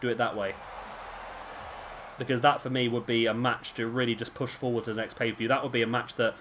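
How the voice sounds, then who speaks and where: A man's voice: mid-range voice, little pitch movement, quick pace, a bit bright, a little hiss or hum. A man giving casual, rambling commentary over a wrestling video game, with chatty, self-deprecating asides. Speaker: gameplay commentator. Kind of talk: casual let's-play commentary. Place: at home, drinking beer while recording.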